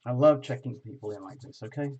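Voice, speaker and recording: A man's voice: mid-range voice, fast talker, warm tone, lo-fi sound. A man hosting a live tarot stream, reading viewer comments aloud and joking as he greets people by name.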